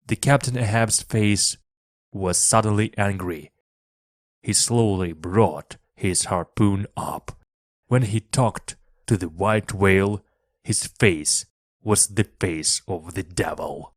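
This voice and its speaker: A man reading a storybook aloud for language learners in a plain, measured way, one sentence at a time. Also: on the low side, no echo, clean studio sound. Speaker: reader. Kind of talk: slow storybook narration for learners.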